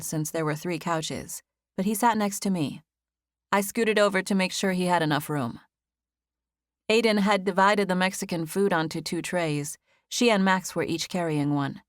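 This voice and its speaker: A woman narrating a contemporary first-person novel as an audiobook, with a gentle storytelling manner. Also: fairly low pitch, no room sound, clean studio sound.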